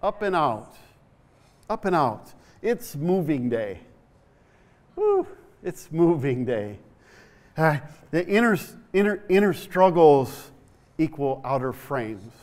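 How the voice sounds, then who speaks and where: Middle-aged man, pastor mid-sermon; storytelling, stammered repeats, climbs to loud, higher-pitched peaks. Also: big pitch swings, slow pace, long pauses. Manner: storytelling preacher, repeats words, rises to shouts. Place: church.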